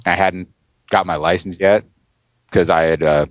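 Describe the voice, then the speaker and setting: A deep-voiced man in his forties tells blunt, foul-mouthed stories as a podcast guest. His voice is dry and close, with a dull, lo-fi quality. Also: moderate pace, no room sound. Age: 40s. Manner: blunt, swearing, animated when quoting. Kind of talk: casual chat, profane storytelling.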